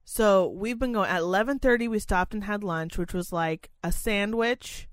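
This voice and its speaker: A woman in casual conversation, recounting a draining day with plenty of swearing and exasperated sarcasm. She slips into high, mocking voices to imitate others. Her voice sounds dry and close. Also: moderate pace, dry recording. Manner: profane, exasperated, sarcastic ranting. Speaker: parent chaperone telling a story. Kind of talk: casual storytelling chat.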